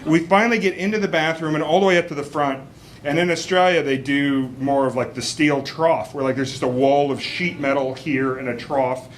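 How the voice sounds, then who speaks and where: A man telling a comic story on a small cabaret stage, rambling and animated with many fillers and asides. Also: a little high, a little fast, a little hiss or hum. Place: small cabaret stage before a live audience.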